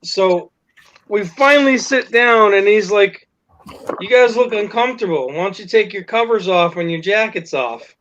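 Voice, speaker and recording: Man, high voice, casual storyteller, laughs and swears, acts out quotes, dull lo-fi sound. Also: expressive, normal speed, a bit bright. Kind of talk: casual storytelling among friends. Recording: dull lo-fi recording with faint noise.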